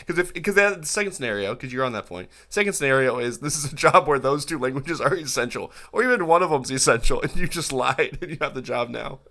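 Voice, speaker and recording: Young man, podcast co-host, casual chat, joking, laughs a lot, lively pitch. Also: fast talker, few pauses. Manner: laughs often, joking, animated.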